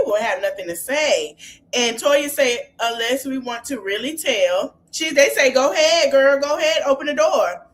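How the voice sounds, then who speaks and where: A woman with a high voice and a lilt hosts a casual podcast recap. She retells the arguments with lively exclamations, slipping into the cast members' lines as she goes. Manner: animated retelling, acting out quotes with exclamations. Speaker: podcast host.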